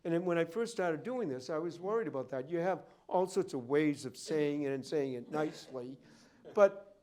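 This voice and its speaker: This man, who deals in and appraises rare books, speaks animatedly at normal speed in a fairly high, darkish voice. He tells rambling anecdotes to a library audience in an event room, often wandering off on tangents.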